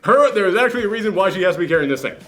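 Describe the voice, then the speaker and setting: A young man hosting a casual film review chat, animated and excitable, swearing casually. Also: sits high, racing. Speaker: podcast host.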